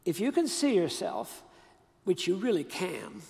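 An older man giving a sermon, telling a personal story in an emphatic, conversational way with pauses and restarts. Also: high voice, big pitch swings, gravelly, a little mellow, big-room sound. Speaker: preacher.

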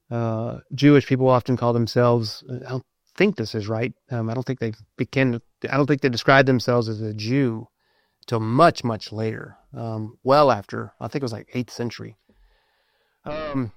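Man preaching, thinking aloud, lots of ums, smooth clear voice, dry close sound. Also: mid-range voice, no room sound. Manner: halting, many ums and uhs, thinking aloud. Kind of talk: sermon reading and explaining scripture.

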